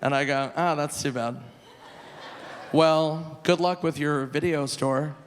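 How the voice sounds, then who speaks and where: Stand-up comic, forties, man, lightly high-pitched, long hall reverb on the live mic. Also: slow pace. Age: 40s. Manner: animated, jumps into squealing high voices for punchlines. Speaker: stand-up comedian. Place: large theater stage. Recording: live venue with long reverb, faint noise.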